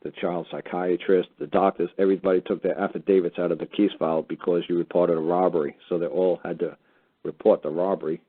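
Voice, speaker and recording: Fast-talking man with a husky low voice on a phone line. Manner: blunt, profane, excitable storytelling. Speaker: talk show host. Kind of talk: heated casual talk on a call-in show.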